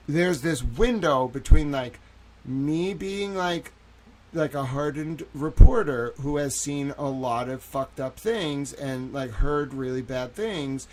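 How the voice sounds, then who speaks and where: Shaken, stammering man with a higher voice. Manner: distressed, repeats himself and stammers. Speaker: livestream host and reporter. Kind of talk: live-stream commentary. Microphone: studio microphone.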